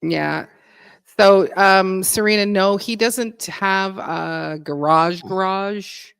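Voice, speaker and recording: A woman's voice: mid-range voice, slow, gravelly, fairly bright tone, clear, resonant tone, dry recording. A woman from Canada hosting a casual gardening live stream, chatting, greeting viewers and reading out their comments. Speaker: gardening show host.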